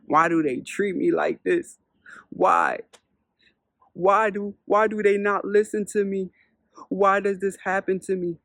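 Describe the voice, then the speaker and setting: A distraught female crab in a spoken folk parable, put on by a man, high and strained as she pleads and then snaps. The sound is dry and close, with no room around it. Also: unhurried, no room sound. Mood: tearful, pleading. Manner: pleading then snapping loudly.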